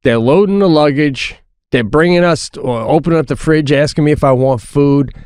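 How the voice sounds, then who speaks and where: A man's voice: fairly high pitch, normal speed, smooth, no room sound, studio quality. A man co-hosting a comedy podcast, chatting casually and acting out quotes from other people. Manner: animated storyteller who acts out quotes in put-on voices. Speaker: podcast co-host.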